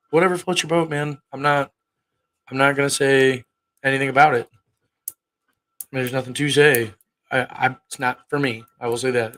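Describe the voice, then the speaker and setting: A man's voice: mid-range voice, pushed and bright, low-quality recording. A man in his thirties hosting a casual livestream, rambling and cursing bluntly as he talks to his viewers. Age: 30s. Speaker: livestream host.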